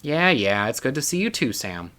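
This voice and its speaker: A man's voice: mid-range voice, very animated, moderate pace, sharp tone. A man reading a curt, dry aunt. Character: stern, protective adult woman, aunt.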